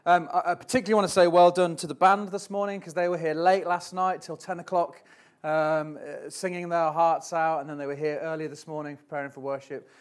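A halting, conversational young man pastor. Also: fairly high pitch, level tone, clear, resonant tone. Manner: halting and conversational, with frequent restarts. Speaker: assistant pastor. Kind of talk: church notices and thanks from the front.

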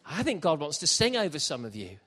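A man preaching a live sermon at a church service, building passionately and sometimes shouting. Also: a little high, huge pitch swings, fairly quick. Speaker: pastor. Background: faint piano.

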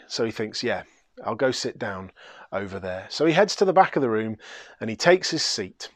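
Guy preaching a story, dramatic, hushed then loud, dry close sound. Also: mid-range voice, no echo. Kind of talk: sermon storytelling.

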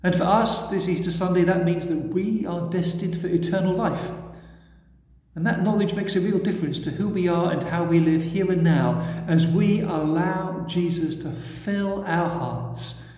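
A man preaching, retelling a story gently and expressively before leading a prayer. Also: high-pitched, normal speed. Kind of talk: sermon storytelling. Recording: echoey church hall.

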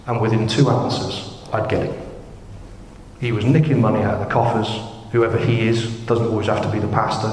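A man in his thirties preaching a sermon, chatty and jokey, with sudden excited rises. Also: medium pitch, slight background noise. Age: 30s. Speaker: pastor. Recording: echoey hall, faint room ambience.

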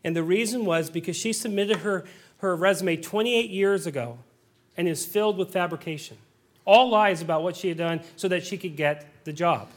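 High-voiced man preaching a sermon. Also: moderate pace. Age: adult. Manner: earnest preaching with joking asides. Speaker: pastor.

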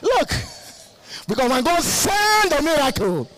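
A male guest preacher giving a lively sermon, laughing often and calling out to the congregation for responses. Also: very high-pitched, unhurried.

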